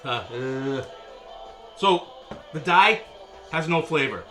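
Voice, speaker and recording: Bright-voiced joking man reviewing beer. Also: medium pitch, lively intonation, takes it slowly, faint music behind. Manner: chatty, joking, with frequent filler; wry and sarcastic. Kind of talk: casual video review.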